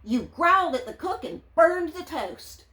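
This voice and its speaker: A woman voicing a young princess who scolds a misbehaving dragon in high, reproachful questions, reading a storybook aloud. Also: big pitch swings, unhurried, pushed and bright, reverberant, full character voice.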